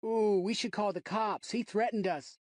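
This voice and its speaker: A man voicing a rude, mocking schoolboy in an audiobook, taunting in a high voice. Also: moderate pace, darkish tone, no room sound, clean studio sound, natural voice. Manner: sneering, taunting.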